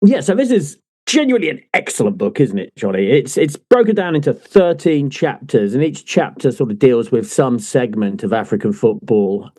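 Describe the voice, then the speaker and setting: A man's voice: mid-range voice, lively intonation, normal speed, few pauses, warm tone. A man hosting a casual book podcast, teasing his co-host with jokey banter. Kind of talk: casual chat.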